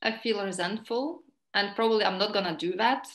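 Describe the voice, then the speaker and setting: A woman's voice: medium pitch, fairly quick. Woman host, echoey room. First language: Lithuanian. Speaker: interview host. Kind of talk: interview conversation.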